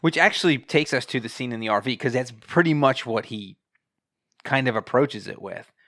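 A man's voice: mid-range voice, moderate pace, fairly bright tone, no echo, studio quality. A man in casual podcast talk about a film, musing and hedging his points with the odd joke. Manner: musing, hedging, jokey asides. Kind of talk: casual movie discussion.

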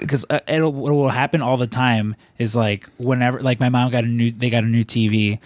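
A man's voice: medium pitch, steady tone, fairly quick, no room sound. A man in casual chat, rambling and swearing as he vents about family tech help. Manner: exasperated, swears often, rambling.

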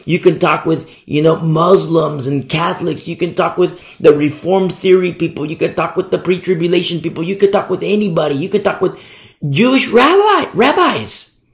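A man preaching a sermon with fervent emphasis, swinging between loud declarations and hushed asides. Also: fairly high pitch, expressive, moderate pace. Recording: echoey room.

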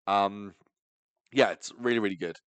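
A man's voice: fairly low pitch, moderate pace, a bit bright, clean tone, dry recording. A man hosting a podcast, chatting casually and with enthusiasm about a film, with rambling asides. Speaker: podcast host. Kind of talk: casual film review chat.

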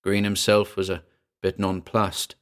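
Male audiobook narrator, low voice, quiet measured delivery of a ghost story. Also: monotone, clean tone.

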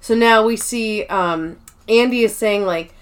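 A young adult woman with a medium-pitched voice co-hosts a podcast. She casually recaps a TV episode, acting out the characters' lines in quick voices.

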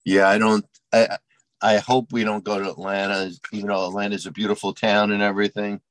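A plainspoken man talking as a guest, with a somewhat low voice. The recording is dry and close, with no room sound. He answers in a matter-of-fact way. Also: little pitch movement, fairly quick, no room sound. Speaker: guest, card dealer. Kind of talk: casual interview chat.

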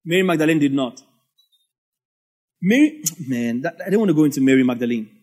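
Husky-voiced male preacher. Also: lively intonation, a little fast, a little mellow. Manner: emphatic, repeats phrases with swinging pitch. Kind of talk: sermon.

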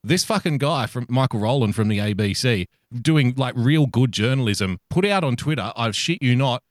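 A mid-pitched man ranting in casual podcast chat, sarcastic and full of swearing. He laughs often as he talks. The recording is dry and close, with no room sound. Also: expressive, normal speed, no room sound. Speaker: podcast co-host.

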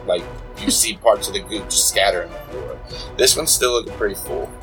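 A man with a fairly low voice runs a tabletop game as its game master. He narrates in a relaxed, easygoing way, chuckling and filling his pauses with plenty of uhs. Faint music plays underneath him. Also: low-quality recording. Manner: relaxed, chuckling, many fillers.

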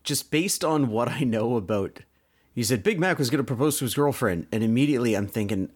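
A man co-hosting a podcast, chatting in a relaxed, agreeable way. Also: mid-range voice, a little fast, slightly rough. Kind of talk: casual podcast chat.

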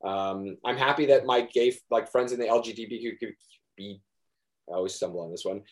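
A man's voice: fairly low pitch, moderate pace. A young man, an actor being interviewed, talking earnestly in a rambling way with many restarts. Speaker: actor guest. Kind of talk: casual interview chat.

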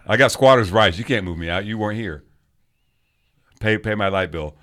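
A man in his forties co-hosting a podcast, chatting casually over beers, joking, laughing loudly and swearing a lot. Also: lowish voice, normal speed. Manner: loud laughing, profane, jokey. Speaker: podcast co-host.

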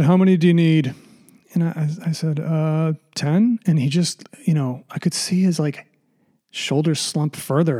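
A middle-aged man hosts a solo podcast in a casual monologue, rambling, sarcastic, and nervous, with frequent sighs. His voice is fairly high and warm, and he restarts often and swears freely.

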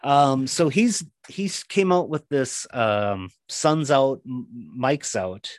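A man's voice: medium pitch, slow, no room sound, studio quality. A man chatting as a podcast guest, telling long, rambling stories full of fillers and restarts. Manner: rambling storytelling, many fillers. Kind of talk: casual chat.

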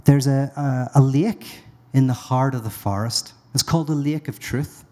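A man's voice: medium pitch, moderate pace, mellow, long reverb tail, natural voice. A man voicing a slimy male frog line manager in a spoken parable, chummy and conspiratorial. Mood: scheming.

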